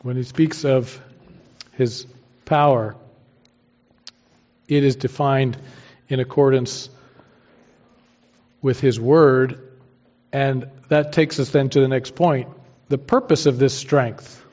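A man's voice: mid-range voice, fairly even intonation, takes it slowly, pauses often, darkish tone. A man preaching a sermon as pastor, emphatic and using homely everyday analogies. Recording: dull lo-fi sermon recording.

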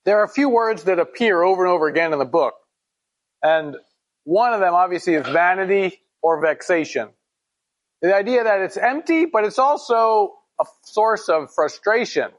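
A man's voice: sits high, lively intonation, moderate pace. A man teaching a Bible study in a conversational way, reading scripture aloud and asking his listeners questions.

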